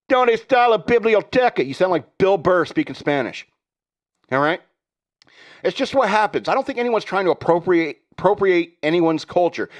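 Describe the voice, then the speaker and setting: A man hosting a podcast, delivering a rambling, sarcastic comedic rant and laughing at his own jokes. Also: high-pitched. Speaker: podcast host.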